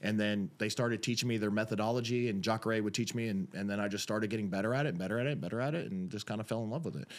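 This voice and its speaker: A man talks through his path into coaching and refereeing as a podcast guest. His storytelling is casual and animated. He keeps slipping into the voices of the people he quotes. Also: lowish voice, racing, few pauses. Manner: animated storyteller, acts out quotes, repeats phrases.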